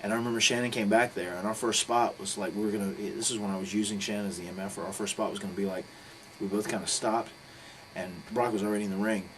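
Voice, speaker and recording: A middle-aged man telling a story in a casual interview, swearing freely and acting out quotes with sudden loud bursts. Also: on the low side, steady tone, fast, slight background noise, rough recording.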